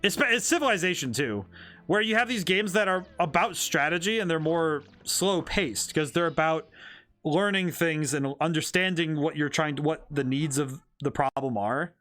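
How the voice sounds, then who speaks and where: A man's voice: on the high side, moderate pace, a bit bright. A man, a game designer, chatting casually while streaming a game, rambling and thinking aloud with many restarts. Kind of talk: casual gameplay commentary.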